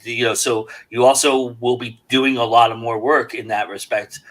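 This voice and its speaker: Bright-voiced male podcast host. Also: mid-range voice, normal speed, low-quality recording. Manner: animated, rambling with many fillers and laughs. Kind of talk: casual round-table chat.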